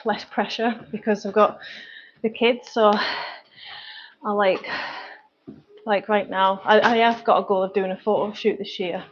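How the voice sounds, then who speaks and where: A woman's voice: fairly high pitch, muffled recording, a little hiss or hum. A woman with a Manchester accent chatting casually as a fitness coach on a live stream, rambling with lots of fillers. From North West England.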